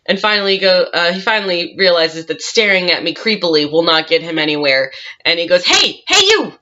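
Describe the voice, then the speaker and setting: Bright-voiced woman telling a story. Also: lowish voice, fairly even intonation, brisk. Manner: chatty, frequent laughs and fillers. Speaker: cosplayer telling a convention story. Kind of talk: casual storytime vlog. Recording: dull lo-fi sound.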